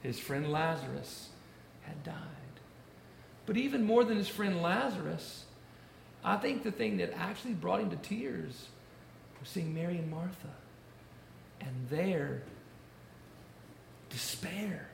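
A man preaching a sermon, stressing key phrases by repeating them slowly. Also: high voice, lively intonation, creaky. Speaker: pastor. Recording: echoey room with faint noise.

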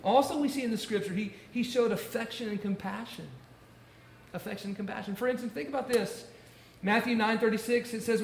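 High, gravelly-voiced man preaching. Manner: emphatic, repeats key phrases slowly. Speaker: pastor. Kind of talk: sermon. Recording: echoey room with faint noise.

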